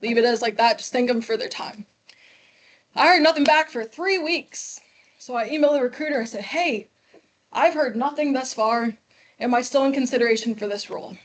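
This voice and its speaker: Young woman from Chicago, guest speaker, animated storyteller, slightly high voice. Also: moderate pace. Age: 20s. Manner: lively, acts out quoted dialogue. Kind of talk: storytelling talk to a class. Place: classroom.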